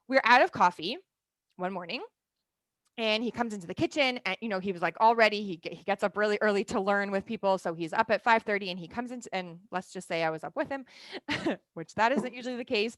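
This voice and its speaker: A woman in her thirties leads a class in a relaxed, talkative way, checking in with her listeners as she goes. Her voice sits at an ordinary pitch. The sound is dry and close, with no room echo. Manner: chatty, often asks "right?" and leans on "like". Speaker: teacher of a Torah class. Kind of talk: conversational class lecture.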